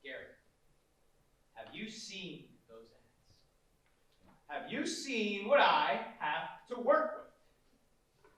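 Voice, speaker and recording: A man's voice: high-pitched, sing-song, a bit bright, full character voice. A young actor on stage playing a frustrated, earnest male TV actor who rants in exasperation, heard from far off in an echoey theater. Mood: weary. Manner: exasperated, earnest, quick to rant. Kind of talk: stage play.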